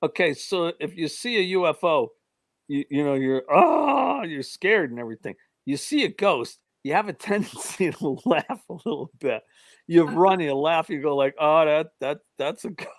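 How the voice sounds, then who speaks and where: A man spins tales in a lively, swooping voice, laughing often and tripping over his words as he acts out the people in his stories. His voice sounds dry and close, with no room around it. The talk stays loose and chatty. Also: a little high, normal speed, no echo. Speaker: guest telling of sightings. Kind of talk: casual storytelling chat.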